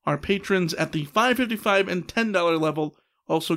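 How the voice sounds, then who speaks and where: High-pitched guy in his 30s hosting a podcast, chatty, lots of uhs. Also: fairly bright tone, soft background music. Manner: quick, chatty, with many "uh" fillers. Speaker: podcast co-host. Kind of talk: casual podcast chat.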